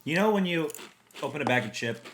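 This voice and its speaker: Animated young man with a lively voice. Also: a little high, a little hiss or hum. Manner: animated, playful, quick to joke. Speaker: podcast co-host. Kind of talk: casual snack-tasting chat.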